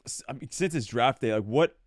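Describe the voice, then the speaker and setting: A man's voice: medium pitch, a little fast, dry recording, clean studio sound. A man hosting a podcast, asking rambling questions and laughing along with his guest. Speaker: podcast host. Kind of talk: casual interview questions.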